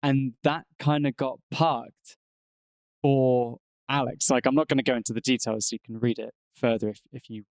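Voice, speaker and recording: A man's voice: medium pitch, steady tone, normal speed, smooth, no echo. Hedging man on a dry mic. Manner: tentative, hedging. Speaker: podcast co-host. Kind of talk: casual gaming chat.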